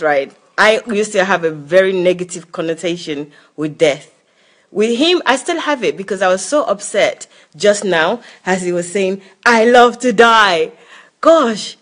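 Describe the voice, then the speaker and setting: A woman co-hosting a live question-and-answer talk, reading viewer comments and reacting openly. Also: mid-range voice.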